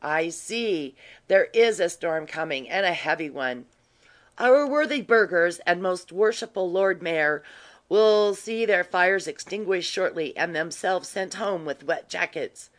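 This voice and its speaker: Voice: mid-range voice, expressive, measured pace, natural voice. Teasing aristocratic earl, familiar and nosy, read aloud by a narrator. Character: worldly curious aristocratic earl, man. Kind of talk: audiobook reading.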